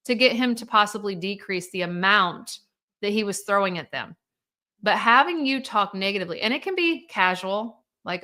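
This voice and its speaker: Woman host, bright tense voice, blunt and candid about hard family topics, live to viewers. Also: mid-range voice, brisk. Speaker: divorce coach hosting a live show.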